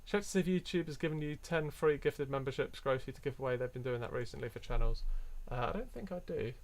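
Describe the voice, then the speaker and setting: A European coin hunting streamer chats casually on a live stream in a medium-pitched, darkish voice at a quick pace. He reads out coin names and laughs often.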